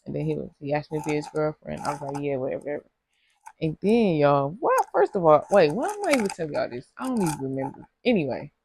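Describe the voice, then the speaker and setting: A woman's voice: low voice, vocal fry, darkish tone, slight background noise. A young woman telling a rambling, slangy storytime to her viewers, laughing often. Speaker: vlogger. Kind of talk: casual storytime chat.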